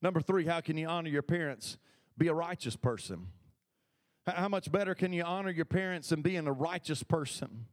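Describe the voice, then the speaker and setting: A man's voice: on the high side, brisk. A man preaching a sermon as pastor, talking conversationally and calling for responses from the congregation. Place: church sanctuary.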